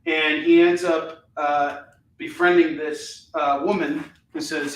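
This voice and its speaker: A man hosting a live comic book sales show, chatting casually and enthusiastically, rambling with fillers as he pitches each book. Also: flat delivery, a little slow. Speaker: live shopping show host selling comics. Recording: echoey room, mic at a distance, faint noise.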